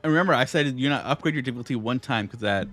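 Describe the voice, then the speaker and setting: A man running a tabletop game as game master, halting and full of fillers and checking questions. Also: medium pitch, a bit bright, faint music behind. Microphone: streaming setup.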